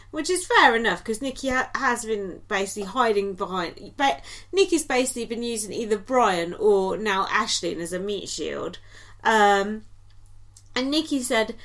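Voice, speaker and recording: A woman's voice: medium pitch, expressive, moderate pace, a bit bright. A woman co-hosting a podcast, recapping in a casual, chatty way with lots of ums and likes and giggly asides. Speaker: podcast co-host.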